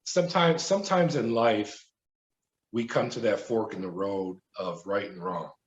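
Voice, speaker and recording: A middle-aged man, a former prison guard, recounting his experiences as a podcast guest in an animated storytelling manner. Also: on the low side, unhurried. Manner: animated storyteller who acts out quoted voices. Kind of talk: storytelling interview. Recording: roomy, dull remote audio.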